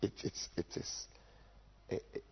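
A man preaching a sermon to his congregation, emphatic and repetitive, with sudden loud bursts. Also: measured pace. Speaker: pastor. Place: church. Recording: echoey church hall, dull lo-fi sound.

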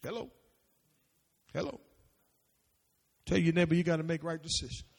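A man preaching a sermon as pastor, calling out questions for the congregation to answer and sometimes shouting. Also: a little high, fairly even intonation, normal speed, gravelly, husky. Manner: preachy call-and-response, rising to shouts. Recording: long reverb of a large hall.

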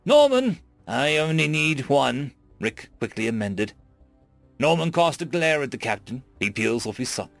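A man reading a humorous science fiction story aloud in a wry, expressive storytelling manner. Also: on the high side, no echo. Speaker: story narrator. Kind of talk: scripted narration.

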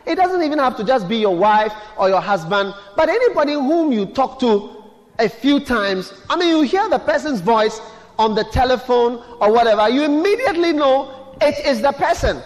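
A man's voice: very high-pitched, lively intonation, moderate pace. A man preaching a sermon as pastor, putting questions to the congregation and repeating key words. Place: church hall. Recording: long echo of a large hall.

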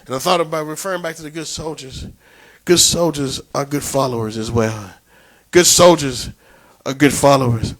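A middle-aged man with a New York accent preaching a sermon in church, building from musing talk to shouted refrains, with many "uh" fillers. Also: medium pitch, normal speed, poor audio. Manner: preaching with rising, shouted passages and repeated refrains; frequent "uh" fillers and restarts. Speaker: pastor.

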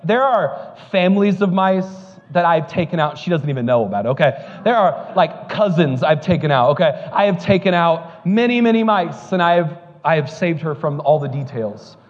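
A man's voice: fairly high pitch, lively intonation, normal speed, hardly any pauses, long reverb tail, highs cut off. A male pastor preaching a sermon, telling joking stories before building to fervent preaching at a church service.

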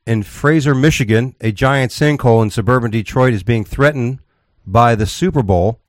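A man's voice: mid-range voice, moderate pace, dry recording, clean studio sound. A man co-hosting a talk show, reading odd news stories and bantering, rambling with restarts and tough talk. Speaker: radio show co-host.

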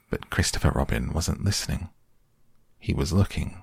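A man reading a children's story aloud in a gentle, measured storytelling manner. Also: a bass voice, expressive, creaky, slightly rough, dry recording, clean studio sound.

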